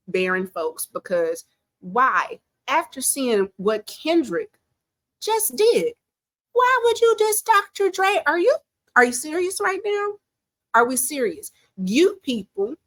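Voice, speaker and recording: A woman giving casual commentary from home, chatty, animated and opinionated. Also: mid-range voice, no room sound. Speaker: pop-culture commentator.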